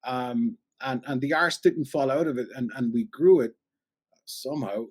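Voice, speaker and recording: A middle-aged man with a Cork Irish accent, a radio broadcaster telling animated anecdotes in a casual chat and acting out the voices he quotes. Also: medium pitch, moderate pace. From Ireland. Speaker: podcast guest, radio broadcaster.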